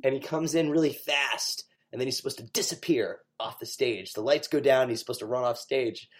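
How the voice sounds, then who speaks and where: A man, a stage actor, chatting as an interview guest, animated and full of fillers. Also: mid-range voice, fairly quick. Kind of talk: casual interview chat.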